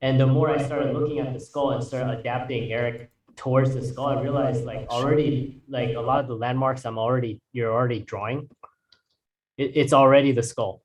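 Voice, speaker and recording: A man's voice: medium pitch, steady tone, fairly quick. A man teaching drawing in a casual, rambling way, restarting sentences and using fillers. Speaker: art instructor.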